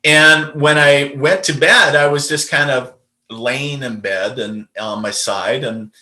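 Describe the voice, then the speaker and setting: A man's voice: medium pitch, takes it slowly, bright, forceful tone, echoey room. A man, a podcast guest and medium, telling a personal story in a casual, rambling way with lots of fillers and restarts.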